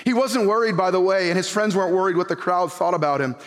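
A man preaching an animated sermon as pastor, reading scripture aloud and acting out the people in it. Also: high-pitched, fast. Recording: long hall reverb.

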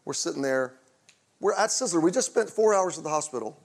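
Animated and a little fast, a middle-aged male pastor tells a personal story as part of a conversational sermon. When the story turns tender, he goes quiet and low.

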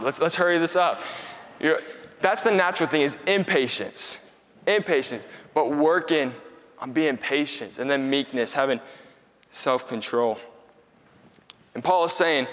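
A young man preaching a sermon in a conversational, energetic way, acting out his own stories for the room. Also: medium pitch. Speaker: pastor. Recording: long hall reverb.

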